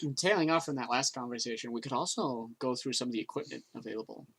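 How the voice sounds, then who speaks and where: A man co-hosting a podcast, explaining things in a measured way. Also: mid-range voice, vocal fry, a bit bright, husky. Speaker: podcast co-host. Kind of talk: casual chat.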